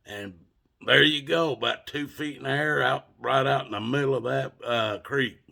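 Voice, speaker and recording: A man's voice: mid-range voice, normal speed, gravelly, bright, forceful tone. A man with an Appalachian accent telling a family story in a drawling, plainspoken, folksy way. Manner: drawling, plainspoken, cusses casually.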